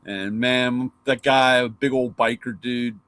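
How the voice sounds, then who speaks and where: A man's voice: mid-range voice, steady tone, slow, a bit bright, no room sound. A middle-aged man, host of a live car talk show, casually telling rambling stories about old cars and his dad, swearing and mimicking voices. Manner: rambling anecdotes, swears, acts out his dad's lines.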